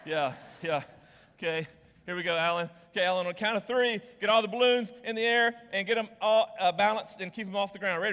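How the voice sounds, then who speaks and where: A man's voice: high-pitched, fairly quick, fairly bright tone, smooth. A man preaching a sermon as pastor, joking with volunteers on stage and speaking candidly to the congregation. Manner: playful and joking with volunteers, then candid and confessional. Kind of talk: sermon with audience games. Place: church auditorium. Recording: long reverb of a large hall.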